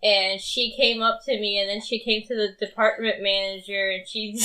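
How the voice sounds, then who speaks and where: A woman's voice: medium pitch, steady tone, normal speed, sharp tone. A woman guest on a casual podcast, telling a work story with lots of fillers and laughter. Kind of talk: casual chat.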